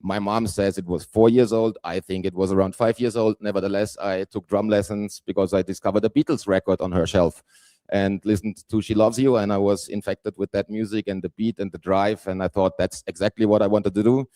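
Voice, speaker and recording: A man in his forties from southern Germany with a German accent, giving a conference talk haltingly with lots of fillers. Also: on the low side, flat delivery, warm tone, no room sound. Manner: hesitant, many fillers, self-deprecating. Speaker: guest speaker. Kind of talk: conference presentation.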